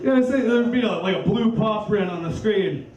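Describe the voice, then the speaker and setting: A man's voice: sits high, normal speed, dull audio. A man performing a crude, rambling, self-deprecating stand-up comedy set. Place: comedy club stage with live audience. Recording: echoey club, distant mic, crowd laughter.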